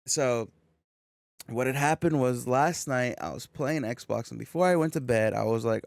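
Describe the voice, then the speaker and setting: A man's voice: mid-range voice, normal speed, vocal fry, no echo. A young man from California co-hosting a podcast, telling a long story in casual chat with lots of swearing and quoted exchanges. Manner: swearing, animated storytelling with quoted back-and-forth. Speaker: podcast co-host.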